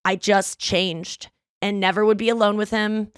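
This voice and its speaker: A woman in her thirties hosting a podcast, telling a story in casual chat, swearing freely and acting out the people she quotes with lively jumps in pitch. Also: measured pace, smooth, no echo, studio quality. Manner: animated, profane, acts out quoted lines. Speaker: podcast host.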